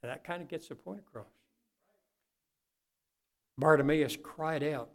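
A man's voice: on the high side, a little slow. Older man preaching with folksy fervor. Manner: folksy storytelling preacher, swings from soft asides to loud impassioned peaks. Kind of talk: sermon.

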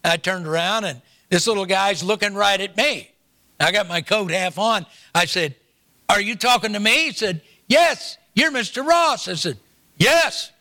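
A man's voice: high voice, normal speed, sharp tone. An older man preaching a sermon, telling a folksy family story with humorous asides before turning to scripture. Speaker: pastor.

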